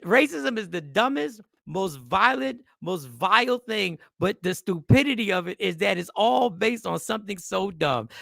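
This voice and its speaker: A man hosting a radio talk show, animated and joking, with earnest turns. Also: high voice, moderate pace, gravelly, hardly any pauses, dry recording, studio quality.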